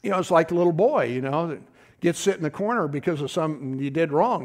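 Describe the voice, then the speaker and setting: Folksy high-voiced male preacher. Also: lively intonation, fairly quick. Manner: folksy, conversational, calls out to congregation. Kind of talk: sermon.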